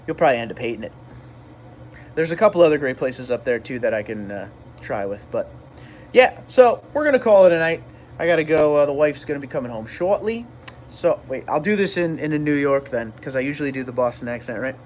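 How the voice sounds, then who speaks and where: A man's voice: a little high, lively intonation, fairly quick, slight background noise. A man hosting a casual livestream, rambling in a laid-back way and answering chat. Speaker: livestream host.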